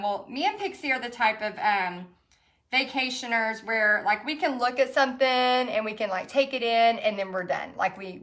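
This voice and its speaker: A woman's voice: on the high side, fairly bright tone. A middle-aged woman, telling a story with lots of laughter while leading an online painting class. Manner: chatty storytelling with frequent laughs. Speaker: painting instructor hosting an online paint party. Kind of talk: casual chat while painting.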